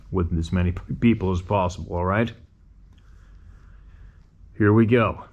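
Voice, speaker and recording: A man hosting a show, reading listener emails aloud and breaking off to muse on them in a conversational way with rhetorical questions. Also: sits low.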